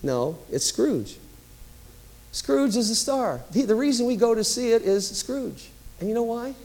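A man's voice: very high-pitched, moderate pace, darkish tone, rough recording. A man preaching a sermon as pastor, telling stories in a conversational way with emphatic rises.

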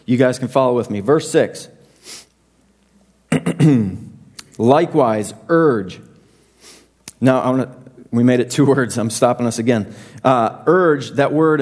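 A man's voice: medium pitch, takes it slowly, long pauses. Young man preaching a casual sermon. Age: young adult. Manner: conversational, self-deprecating, animated asides. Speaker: pastor.

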